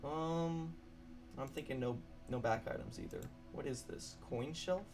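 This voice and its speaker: Gravelly, apologetic man streaming a game. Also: on the high side, a little slow, music in the background. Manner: apologetic, rambling. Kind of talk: casual game streaming chat. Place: alone in a room at a computer.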